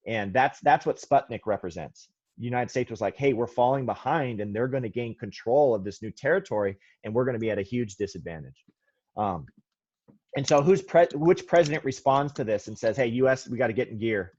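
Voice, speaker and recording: A male history teacher with a medium-pitched, darkish voice lectures briskly in a classroom, rambling and restarting sentences as he corrects himself. He keeps quizzing his students with questions, and the recording sounds muffled and lo-fi.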